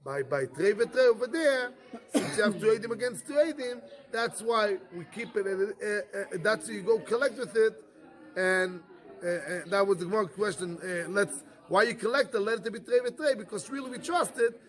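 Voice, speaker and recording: High-voiced rabbi quizzing his class. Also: moderate pace. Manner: fires rhetorical questions, repeats and restarts phrases. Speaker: rabbi teaching a Talmud class. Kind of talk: yeshiva Talmud lecture.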